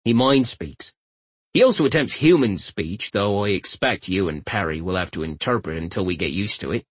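A wry, patient father with an unhurried, understated delivery, read by the narrator close to his own voice. The sound is dry and close to the mic. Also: expressive, breathy edge, no echo. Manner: low-key, wry.

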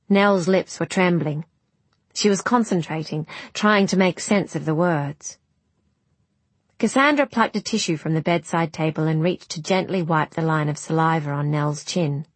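A woman narrating an audiobook in a measured, restrained way. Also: sits low, no room sound.

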